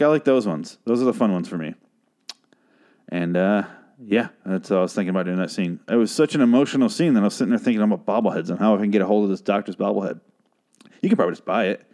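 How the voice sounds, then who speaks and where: Low-voiced man ranting through a recap. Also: a little mellow. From Phoenix, Arizona, USA. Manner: rambling, sarcastic, swears a lot. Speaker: podcast host. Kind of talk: casual profane TV recap.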